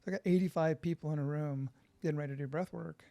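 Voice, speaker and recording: A middle-aged man from California, a podcast guest, telling his story in an animated, profane way and acting out quotes. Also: fairly high pitch, quick pace, creaky.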